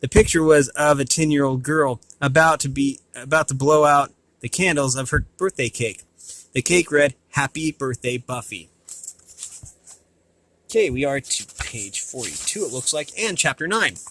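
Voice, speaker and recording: A man reads a novel aloud in a slightly high voice, recorded dry and close. He trips over words and backs up to fix them, drops in short asides, and lifts his pitch for the characters' lines. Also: normal speed, fairly bright tone, dry recording. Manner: stumbles and restarts on words, adds asides; raises pitch for quoted dialogue. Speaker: reader.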